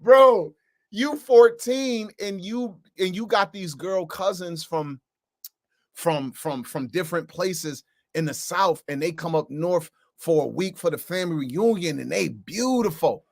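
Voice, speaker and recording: A man teaching the Bible, slangy and emphatic, his voice a bit high. He pushes hard on key words. The sound is dry and close. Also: unhurried, creaky, a little mellow, no room sound.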